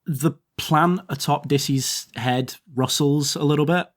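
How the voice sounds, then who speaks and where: Game master, casual rambling narration, mid pitch, tabletop game. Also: a little slow. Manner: casual, rambling description with fillers.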